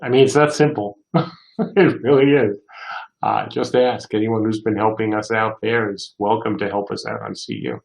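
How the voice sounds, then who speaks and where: Older male studio head for a livestream Q&A, gravelly voice, reads viewer questions aloud and rambles through anecdotes, recorded in an echoey room. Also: lowish voice, steady tone, normal speed. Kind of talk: casual livestream Q&A. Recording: roomy echo.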